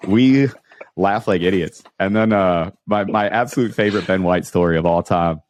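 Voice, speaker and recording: Low-voiced man telling war stories. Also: moderate pace, slight background noise. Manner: animated anecdotes with restarts. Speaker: podcast host. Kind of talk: casual storytelling interview.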